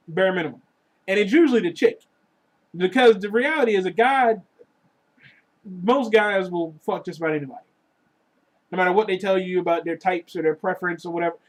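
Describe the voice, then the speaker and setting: A man ranting casually to his viewers about dating, crude and profane, joking as he goes, swinging between loud lines and muttered asides. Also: sits high. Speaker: vlogger. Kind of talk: casual rant to camera.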